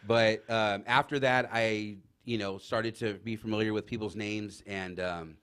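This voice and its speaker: Low-voiced man telling rambling stories. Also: a little slow, smooth. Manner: rambling, animated anecdotes with many fillers. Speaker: guest. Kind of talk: casual storytelling. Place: talk show studio.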